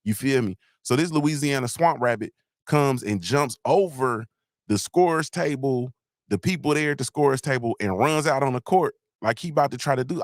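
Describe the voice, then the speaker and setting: A man's voice: mid-range voice, moderate pace, no echo, clean studio sound. A man hosting a live show, telling a loose, slangy story and checking in with listeners again and again. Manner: rambling and slangy, keeps asking "you feel me?". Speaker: host of a live motivational show. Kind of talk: casual storytelling on a livestream.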